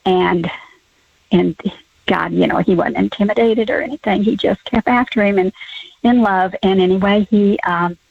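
A woman's voice: mid-range voice, gravelly, dry recording. Older woman, hesitant caller, phone-line sound, dry. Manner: hesitant, with many pauses and fillers. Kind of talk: telling a personal faith story on a call-in show.

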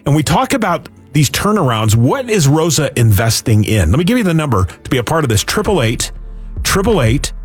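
A man's voice: fairly high pitch, very animated, brisk, breathy edge, soft background music. A man hosting a fundraising radio show, talking earnestly with frequent restarts. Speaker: radio host.

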